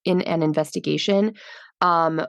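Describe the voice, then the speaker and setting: A woman's voice: sits low, fairly even intonation, moderate pace, vocal fry, no room sound. A woman co-hosting a podcast, chatting casually about a horror film, laughing often and gushing about what she loved. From New England. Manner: laughing, gushing, fond of the characters. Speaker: podcast co-host. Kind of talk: casual film review chat.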